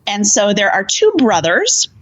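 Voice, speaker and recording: Female podcast co-host, lively intonation, playful and chatty. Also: mid-range voice, unhurried, poor audio. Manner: playful, wordy, reads out news items. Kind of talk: casual chat.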